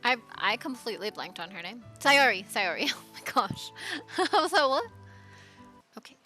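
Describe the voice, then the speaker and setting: A woman chatting casually while playing a game at home, with bursts of laughter and soft asides, wearing headphones. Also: a little high, big pitch swings, normal speed, faint music behind. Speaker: let's play gamer. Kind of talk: casual gameplay commentary. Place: home, at a laptop. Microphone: headphones with mic.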